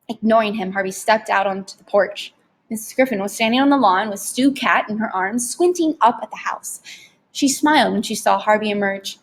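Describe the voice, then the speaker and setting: A woman narrating an audiobook in a steady, expressive storytelling voice. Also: medium pitch, moderate pace. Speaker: audiobook reader.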